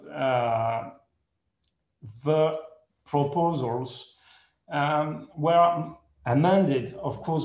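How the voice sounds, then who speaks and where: Guy presenting at a conference, slow halting english, lots of uh and um, kinda high voice, echoey room. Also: a little mellow. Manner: hesitant, many pauses and fillers, self-correcting; speaks English as a second language. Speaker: conference speaker.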